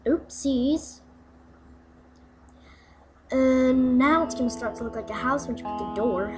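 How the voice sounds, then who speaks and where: Slow-talking young woman narrating a game tutorial. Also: a little high. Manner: rambling, goofy asides, uh fillers. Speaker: gaming video maker. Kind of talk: casual game tutorial voice-over. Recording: voice-over with guitar music behind.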